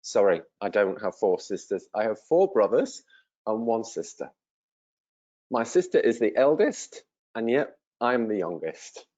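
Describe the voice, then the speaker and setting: Slow, friendly English teacher in his fifties. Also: fairly low pitch, sing-song, darkish tone, highs cut off. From England. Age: 50s. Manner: slow and clear, with many pauses and fillers; friendly and encouraging. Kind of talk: slow, simple self-introduction to language learners.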